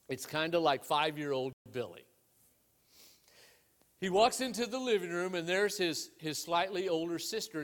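A pastor preaches a sermon, telling stories and posing rhetorical questions. He swings between loud emphasis and hushed, low lines.

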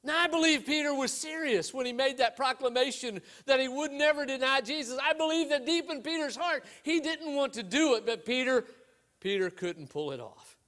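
A man preaching a sermon, telling stories and asking rhetorical questions, swinging between loud emphasis and hushed low lines. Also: expressive, moderate pace. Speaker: pastor.

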